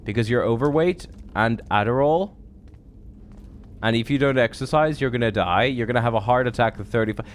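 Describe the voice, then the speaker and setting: This thirtysomething streamer talks fairly quickly in a medium-pitched voice while playing live. Rambling and profane, he keeps up loose banter with chat as he narrates the game; a faint hiss or hum sits underneath.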